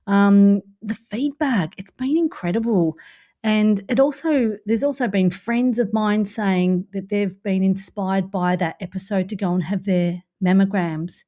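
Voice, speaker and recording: A woman hosts a podcast with a mellow, warm tone and a mid-range pitch. She is playful and jokey, and encouraging toward her guest. Her delivery stays casual and chatty. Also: measured pace. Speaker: podcast host.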